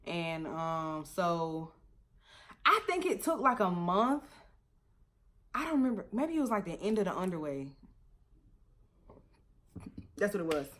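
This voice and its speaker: A young woman vlogger telling a story in a casual, animated way, laughing often and swearing freely. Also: fairly low pitch, measured pace, long pauses.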